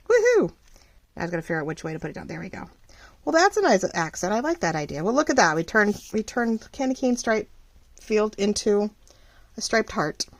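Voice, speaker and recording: A middle-aged woman running a small shop, chatting casually and rambling while she crafts, full of fillers and lively ups and downs. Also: medium pitch, gravelly, no room sound. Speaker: craft vlogger and shop owner.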